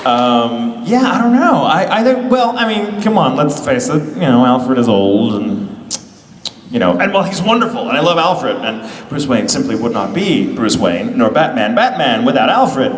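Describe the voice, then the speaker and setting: A man's voice: medium pitch, very animated. Playful man in an echoey convention hall. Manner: playful, theatrical, quick jokes. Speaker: voice actor answering fan questions. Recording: echoey hall with crowd noise.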